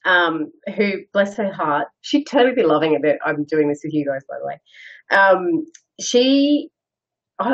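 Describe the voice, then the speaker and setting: A woman's voice: fairly low pitch, highs cut off. A middle-aged woman hosting a casual live chat, answering viewer comments in a candid, self-deprecating way and laughing often. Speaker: host.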